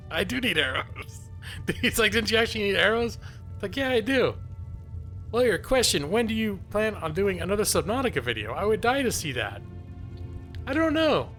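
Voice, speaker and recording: A man's voice: high voice, bright, forceful tone. A man streaming a video game live, chatting casually in a jokey, self-mocking way and laughing often. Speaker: gaming streamer and lawyer.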